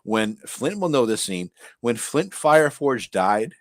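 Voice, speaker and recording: Man, co-host, casual live-stream chat, swears a lot, dry close sound, average pitch. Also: a little slow, no echo. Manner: profane, animated storytelling.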